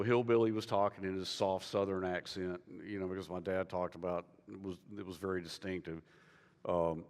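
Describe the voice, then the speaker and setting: Deep-voiced man telling a story, echoey hall. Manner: rambling, many fillers and restarts. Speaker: author guest. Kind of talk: panel conversation, storytelling. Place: conference stage.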